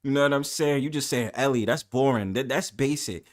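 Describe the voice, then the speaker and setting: A man's voice: medium pitch, a little fast. A man with a New York accent hosts a casual live stream. He talks in an everyday mid-range voice, playful and teasing, and laughs easily as he jokes with his guest.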